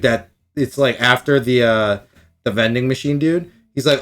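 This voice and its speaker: A man's voice: mid-range voice, moderate pace, fairly bright tone. A man co-hosting a casual podcast chat, rambling and swearing as he acts out quoted lines. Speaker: podcast co-host.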